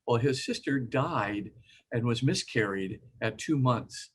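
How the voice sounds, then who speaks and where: An older man giving an informal lecture, halting with many fillers and sometimes acting out quoted voices. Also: medium pitch, animated, husky.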